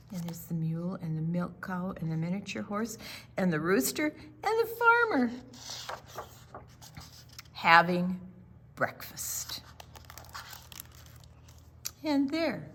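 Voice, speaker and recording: A woman's voice: on the low side, slight background noise. An older woman reading a children's picture book aloud at a library story time. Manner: slow, animated read-aloud. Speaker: storytime reader.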